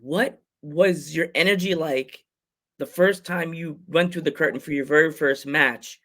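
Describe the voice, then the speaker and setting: A man's voice: on the high side, unhurried, bright, forceful tone. A man hosting a podcast, asking rambling, restarting questions. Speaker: podcast host. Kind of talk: casual interview questions.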